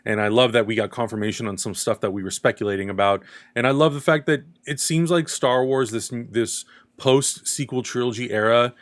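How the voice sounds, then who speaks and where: With a medium-pitched voice and a fairly quick pace, this podcast host talks enthusiastically, rambling a bit, through a casual fan discussion and then signs off to his viewers.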